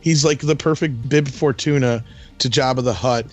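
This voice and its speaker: A man's voice: medium pitch, normal speed, faint music behind. A man hosting an interview, gushing enthusiastically about a film character. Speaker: interview host. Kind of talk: casual interview chat.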